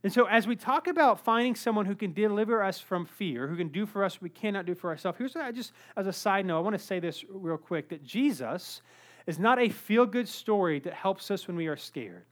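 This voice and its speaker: A male pastor preaching a sermon in a conversational, animated way, with asides. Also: high-pitched, brisk.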